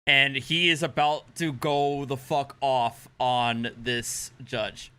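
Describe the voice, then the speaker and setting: A man's voice: mid-range voice, level tone, slow, noisy background. A man co-hosting a reaction stream, joking and rambling. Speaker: guest co-host. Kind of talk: reaction commentary.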